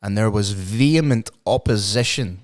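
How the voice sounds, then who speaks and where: Man, podcast co-host, low voice, smooth and resonant, emphatic, swears freely. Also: normal speed. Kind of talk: casual opinionated chat.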